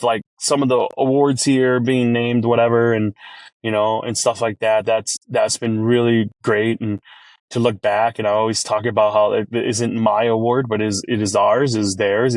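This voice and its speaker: A man who owns a restaurant, talking as a podcast guest in an energetic, rambling way and acting out his own quoted lines. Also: lowish voice, no room sound. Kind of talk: casual podcast interview.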